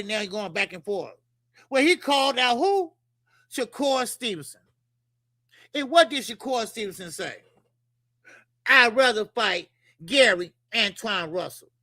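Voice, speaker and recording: A man's voice: very high voice, sharp tone, no room sound, clean studio sound. A man hosting a boxing show, ranting in a heated, profane way, throwing questions straight at his viewers and repeating lines for emphasis. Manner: fired-up, profane, rhetorical, talks straight to viewers. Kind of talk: heated casual boxing rant.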